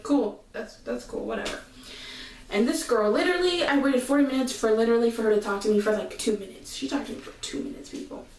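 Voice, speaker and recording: A young woman telling a casual storytime, animated and slangy, full of fillers and asides to the viewer. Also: sits high, roomy sound, far from the mic, rough recording. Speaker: vlogger.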